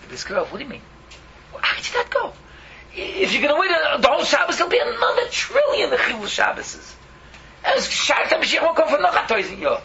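A man's voice: sits high, gravelly, lo-fi sound, noisy background. A man preaching an impassioned sermon, pleading and fiery, weaving Yiddish and Hebrew words into his English.

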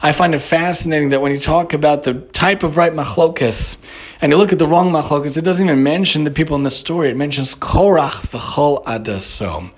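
A man's voice: on the high side, fairly even intonation, quick pace. A man giving a spoken Torah lesson, mixing Hebrew terms into English and restating his points in repeated parallel phrases. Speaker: Torah teacher.

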